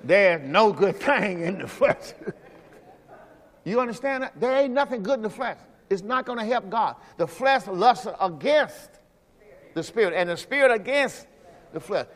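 High-voiced preacher in an echoing church. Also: male voice, lively intonation, a little slow. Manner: emphatic, drops to low quiet asides, rhetorical questions to the congregation. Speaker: pastor. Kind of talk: sermon. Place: church sanctuary. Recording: long hall reverb from a church service.

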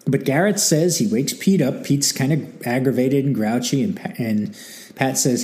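A man's voice: mid-range voice, a little slow. A man hosting a history talk, telling the story casually with wry asides and acted-out quotes. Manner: animated and wry, acting out quotes, many asides. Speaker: history channel host.

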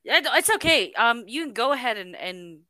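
Bright, lively-voiced woman co-host. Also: fairly high pitch, no room sound, studio quality. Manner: interjecting with questions, quick laughs. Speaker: podcast co-host. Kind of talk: casual chat.

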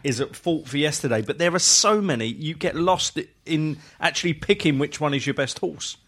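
A man's voice: a little high, moderate pace, fairly bright tone. Easygoing middle-aged man telling a story. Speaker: podcast guest. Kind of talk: casual football chat.

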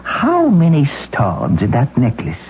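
A breezy, shrewd police chief. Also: male voice, medium pitch, huge pitch swings, a little slow. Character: confident, shrewd Boston police chief, middle-aged man. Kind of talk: old-time radio drama acting. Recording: phone-like old radio broadcast, faint hiss.

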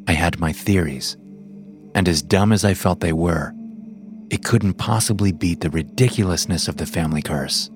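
A man with a very deep voice tells a first-person horror story, keeping it low, measured and tense. Faint music plays beneath him. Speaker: narrator.

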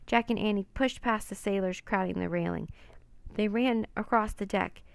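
A woman narrating a children's storybook in a steady, plain reading voice. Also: medium pitch, moderate pace, gravelly, no room sound.

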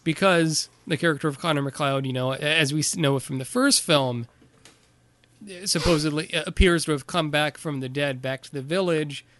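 A man co-hosting a podcast, chatting casually about a movie and recapping its plot in a halting way, with plenty of fillers. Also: a little high, a bit bright, a little hiss or hum. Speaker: podcast co-host. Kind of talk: casual movie review chat.

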